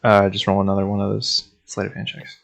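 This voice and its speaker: A man narrating as game master of a tabletop game, relaxed and laughing often. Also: lowish voice, fairly quick, gravelly, rough recording.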